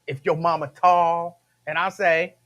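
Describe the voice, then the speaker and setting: A male radio host with a slightly high voice delivers a loose, casual monologue. He hammers his points by repeating lines and breaks into laughs as he goes. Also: little pitch movement, measured pace, a bit bright, lo-fi sound. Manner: repeats phrases, emphatic, laughs between points.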